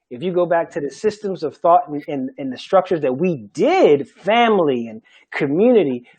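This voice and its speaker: A middle-aged man from Charleston, a Gullah language teacher, speaking emphatically in an animated panel talk and laughing often. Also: a little high, slightly rough, low-quality recording. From Charleston, South Carolina.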